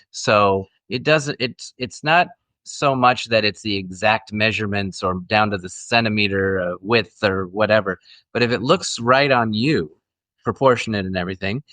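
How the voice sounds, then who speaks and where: A man's voice: mid-range voice, a bit bright, no room sound. A middle-aged man, an actor guest, telling stories in a friendly, casual interview chat with frequent restarts.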